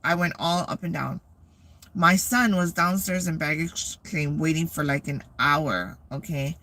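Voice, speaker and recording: A woman's voice: deep voice, measured pace. Profane, rambling woman telling a story. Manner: profane, rambling, animated retelling. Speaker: vlogger. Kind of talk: casual storytelling.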